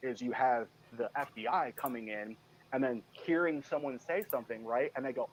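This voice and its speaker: A man's voice: medium pitch, a little fast, slight background noise, rough recording. Chatty man with endless fillers. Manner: rambling, many "you know" fillers, mimics others. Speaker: guest. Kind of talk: casual interview storytelling.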